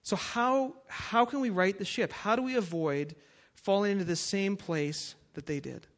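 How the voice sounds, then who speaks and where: A pastor giving a sermon and reading scripture aloud, emphatic and building to forceful peaks. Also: male voice, high-pitched, moderate pace.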